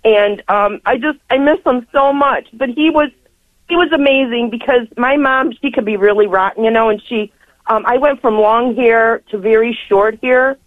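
A woman's voice: fairly high pitch, moderate pace, dry recording. An older woman calling in to a radio show, talking effusively in long, rambling stretches and laughing often. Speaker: caller. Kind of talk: call-in radio chat. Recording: tinny phone line.

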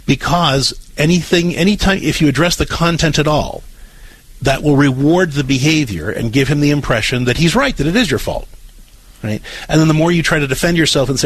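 A middle-aged man giving calm, patient advice to a caller on his radio show. His voice is a little husky, and it sounds dry and close to the mic. He often repeats a word as he starts a new phrase. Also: a little high, brisk, no echo, low-quality recording. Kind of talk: call-in advice.

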